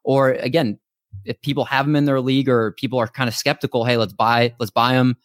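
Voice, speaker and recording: A man's voice: medium pitch, little pitch movement, fairly quick, no room sound, studio quality. A man hosting a podcast, chatting casually with upbeat, hyped introductions over a remote call mic. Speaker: podcast host.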